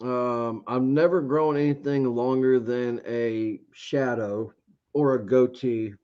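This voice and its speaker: A man's voice: medium pitch, steady tone, slow, a little mellow, clean tone. A man from Georgia, chatting as an interview guest and rambling through a story while acting out his own past thoughts. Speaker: interview guest, beard reviewer. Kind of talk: casual interview chat. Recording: dull lo-fi sound.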